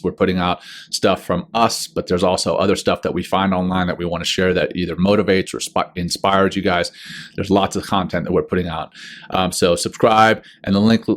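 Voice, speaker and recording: A man co-hosting a podcast, upbeat and chatty as he runs through the show's announcements. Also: sits low. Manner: upbeat, plugs the show's channels. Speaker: podcast co-host. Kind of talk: casual podcast chat with show announcements.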